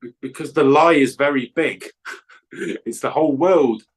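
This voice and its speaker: A man with an English Midlands accent, slightly higher in pitch than most men. He talks bluntly in a casual live debate, swears freely and laughs often. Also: a little slow. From England. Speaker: debate guest.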